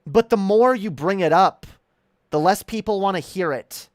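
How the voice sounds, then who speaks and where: A man's voice: high voice, normal speed, no echo. Guy ranting on stream, sarcastic and combative, dry close mic. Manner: mocking, combative, laughs often. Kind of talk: casual stream commentary.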